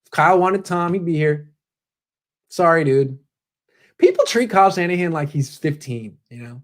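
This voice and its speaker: Male host for a casual live sports stream; brisk, opinionated delivery. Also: on the high side, animated.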